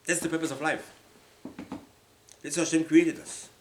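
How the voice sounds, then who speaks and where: A man's voice: fairly high pitch, fairly even intonation, normal speed, a little mellow. A man preaching a sermon, emphatic and repetitive, often acting out the voices of the people he quotes. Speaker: rabbi. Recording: echoey room with faint ambience.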